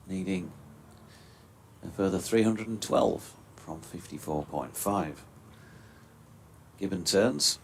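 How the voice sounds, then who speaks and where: Relaxed man on cricket commentary. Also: low-pitched, slow, long pauses, a little hiss or hum. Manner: relaxed, chatty, dry quips.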